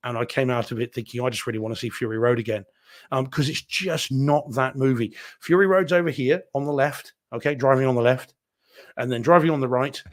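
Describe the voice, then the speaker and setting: A man chats on a live home theater stream, candid and self-deprecating. He rambles through his opinions with plenty of restarts and stumbles. His voice sits at an everyday middle pitch. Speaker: podcast co-host reviewing movies. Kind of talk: casual live-stream chat.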